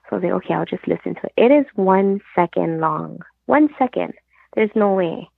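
With a fairly low, gravelly voice and lively intonation, a woman speaks fairly quickly as a phone guest. The line is tinny and the recording dry. Her earnest personal storytelling includes retelling the conversations she had along the way.

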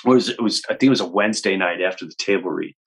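A comedian in his fifties tells stories as an interview guest. His voice is husky, with a forceful, tense edge. He is animated and slips into other people's voices as he acts out their lines. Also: low-pitched, racing. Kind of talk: storytelling in an interview.

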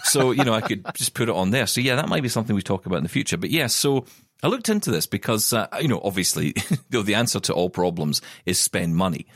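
A man's voice: fairly low pitch, very animated, quick pace, fairly bright tone, no room sound, studio quality. A man co-hosting a podcast, chatting casually and telling rambling stories full of asides. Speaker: podcast co-host. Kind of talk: casual chat.

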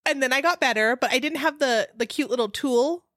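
A woman's voice: high voice, brisk, fairly bright tone, dry recording, studio quality. A woman co-hosting a casual podcast chat, laughing often as she talks. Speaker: podcast co-host.

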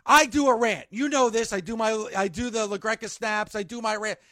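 A man with a strikingly high voice rants as a radio host, emphatic and exasperated, pleading for change. The sound is bone-dry and close on a studio microphone. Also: fairly quick, pushed and bright, no echo. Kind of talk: ranting sports radio talk.

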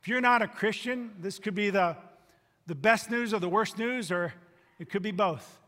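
High, bright-voiced man preaching in a hall. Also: normal speed. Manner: emphatic preaching, swinging from loud to hushed. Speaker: pastor. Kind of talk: sermon. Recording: long reverb of a large hall.

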